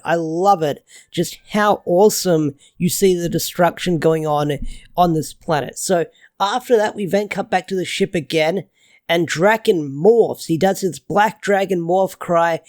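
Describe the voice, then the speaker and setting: A man giving a casual, excitable comic book review, gushing and rambling loosely. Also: high-pitched, no room sound.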